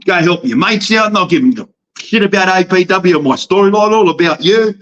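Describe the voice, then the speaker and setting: Australian man, brash wrestling promoter, high bright voice, dull lo-fi sound. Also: expressive, fairly quick. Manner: calls everyone mate, loud and cocky. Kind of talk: brash boastful banter.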